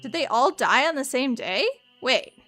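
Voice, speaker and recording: Chatty woman streamer, slightly high voice. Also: lively intonation, moderate pace, bright, forceful tone, faint music behind. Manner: chatty, rambling asides to chat. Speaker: streamer playing a mystery game. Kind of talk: casual let's-play chat.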